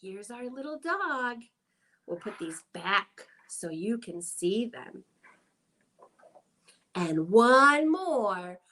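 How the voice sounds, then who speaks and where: A young woman reads to toddlers at a very slow, unhurried pace. Her voice is a little high and swoops widely in a playful sing-song, dropping now and then into soft, hushed asides. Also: big pitch swings, slight background noise. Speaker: children's librarian. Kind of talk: toddler storytime with rhymes and picture book reading.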